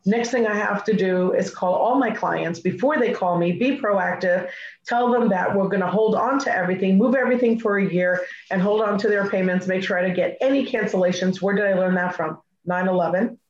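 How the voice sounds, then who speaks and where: A middle-aged woman speaking as a guest, telling a personal story in an animated way and acting out her own side of past conversations. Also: mid-range voice, brisk. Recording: echoey, slightly muffled recording.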